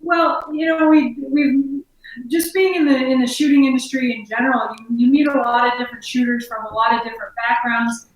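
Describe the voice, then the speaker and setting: A woman from Colorado chats in an easy, rambling way, sprinkled with fillers. Her voice sits a little high. She sounds distant from the mic, in a boomy, echoing room. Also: a little fast. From Colorado, United States. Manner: relaxed, chatty, with many fillers. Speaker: guest, former biathlete and shop owner. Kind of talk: casual interview talk. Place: inside her outdoor gear shop. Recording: echoey room, voice far from the mic.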